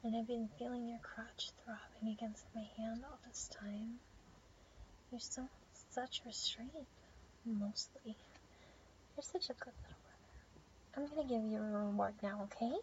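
A young woman in a whispered role-play, speaking in a soft, teasing whisper with breathy murmurs. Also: fairly high pitch, steady tone, unhurried. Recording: dull lo-fi audio with faint background hiss.

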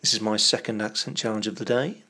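A man's voice: lowish voice, steady tone, fast, sharp tone. A young man reading a word list for a challenge, drawing words out, some of them half-whispered. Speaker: vlogger.

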